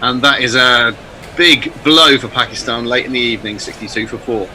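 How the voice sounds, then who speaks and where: A man calling cricket ball by ball on live radio, lively on the play and relaxed between balls. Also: mid-range voice, moderate pace, low-quality recording. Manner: lively calls of the play, then relaxed chat. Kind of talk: live sports commentary.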